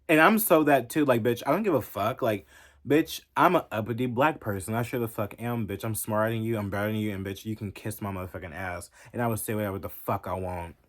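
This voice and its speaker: A man with a lowish voice delivers a profane, heated reaction rant straight to his viewers. He talks emphatically and angrily as a vlogger. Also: fast, hardly any pauses. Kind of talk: ranting reaction commentary.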